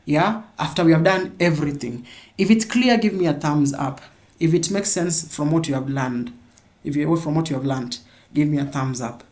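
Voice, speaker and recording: A man's voice: a little high, normal speed, darkish tone. A man teaching a live programming class, repeating points and checking in with "yeah?". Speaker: programming instructor.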